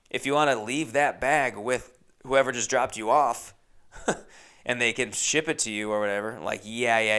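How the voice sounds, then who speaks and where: Smooth-voiced man telling a story. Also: medium pitch. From Los Angeles. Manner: animated, acts out other people's lines, swears freely. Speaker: podcast host. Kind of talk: casual storytelling monologue.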